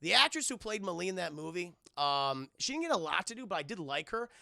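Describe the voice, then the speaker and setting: A sarcastic man rants through a film recap for his live chat. He swears freely and keeps acting out the scenes. His voice is high, very gravelly and sharp, and it sounds dry and close. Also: sing-song, fast talker, dry recording. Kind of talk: casual profane film recap.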